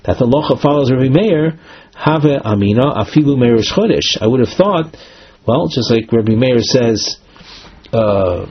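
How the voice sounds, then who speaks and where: This Talmud teacher has an expressive, husky, mid-range voice. He reads and translates the text line by line, explaining it step by step in a slow, measured way and correcting himself now and then; the class recording is muffled and lo-fi.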